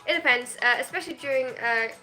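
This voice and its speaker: A woman's voice: high-pitched, quick pace, pushed and bright, soft background music. A 22-year-old woman from Germany, live-streaming at home and reading viewer comments aloud. She talks in a shy, self-conscious way, with hesitant restarts and nervous laughs.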